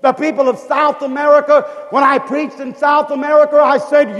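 A man with a strikingly high voice preaches a revival sermon with fervor. He hammers on repeated phrases and climbs into shouted questions, and his words ring out in the long reverb of a big hall. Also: little pitch movement, normal speed, muffled recording. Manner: fervent, repetitive, builds to shouted questions.

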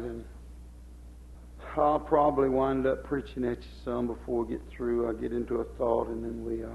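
A male preacher with a gravelly, creaky voice, possibly, delivers a sermon. He reads scripture in a measured cadence and then presses his points with swelling emphasis. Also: medium pitch, highs cut off.

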